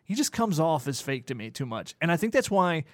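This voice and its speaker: A man's voice: on the high side, sing-song, brisk, dry recording. A man co-hosting a casual podcast chat, opinionated and ranting, with dry jokes. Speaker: podcast co-host.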